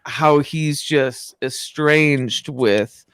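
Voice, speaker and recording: A man hosting a podcast in casual chat, enthusiastic and quick to agree. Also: a little high, a bit bright, smooth, no echo, clean studio sound. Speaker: podcast host.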